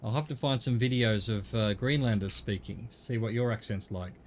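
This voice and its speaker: A man's voice: fairly low pitch, brisk, a little hiss or hum. A middle-aged man with an Australian accent, streaming a game and chatting casually, rambling and correcting himself as he goes. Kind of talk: casual chat while gaming.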